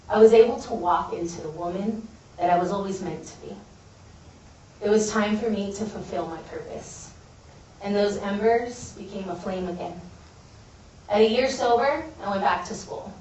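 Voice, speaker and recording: A woman's voice: mid-range voice, normal speed, a little mellow. A woman gives an earnest, heartfelt personal testimony as a guest speaker at a college event. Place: large building at a college event. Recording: echoey hall from a distance.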